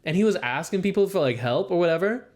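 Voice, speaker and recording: Young male podcast co-host, a bit high-voiced, rambling casual storyteller. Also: lively intonation, fast. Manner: rambling storytelling, heavy use of "like"; acts out quoted speech with raised pitch. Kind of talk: casual chat.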